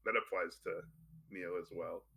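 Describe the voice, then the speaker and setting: A young man co-hosting a podcast in casual chat, playful and animated, breaking into goofy sound effects. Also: low voice, moderate pace, creaky. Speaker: podcast co-host.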